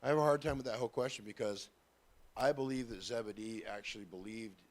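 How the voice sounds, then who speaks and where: A man's voice: mid-range voice, fast. A man in a church Bible class, earnestly explaining his view and repeating himself. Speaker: class member. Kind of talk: casual class discussion.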